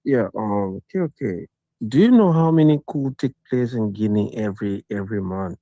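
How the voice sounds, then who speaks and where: Male caller, mellow and grave, on a dry, muffled line. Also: lowish voice, animated, moderate pace, no room sound. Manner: serious, warning.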